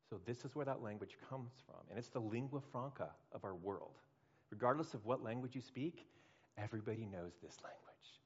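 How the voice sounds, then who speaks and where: A male pastor preaching to a congregation, his delivery rising to loud bursts and dropping to near-murmurs. He acts out the voices he quotes. The sound is a touch dull and lo-fi. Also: mid-range voice, brisk, breathy edge. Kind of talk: sermon.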